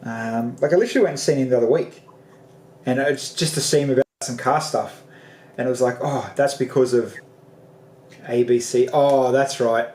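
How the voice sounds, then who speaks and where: An Australian man hosting a livestream show, telling rambling stories in a casual, animated way with lots of fillers. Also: mid-range voice, fairly quick, echoey room, slight background noise. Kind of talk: casual chat.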